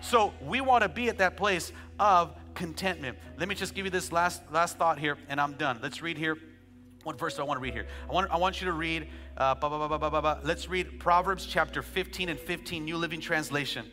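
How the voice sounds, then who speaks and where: High, bright-voiced preaching pastor. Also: male voice, brisk, in a large hall, faint music behind. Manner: preaching, rising to shouted praise; joking asides, conversational storytelling. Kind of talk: sermon.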